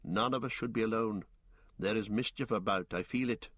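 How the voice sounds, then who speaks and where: A man's voice: lowish voice, normal speed, a bit bright, husky, dry recording. A man voicing a grave male ranger leader who speaks sternly and with command.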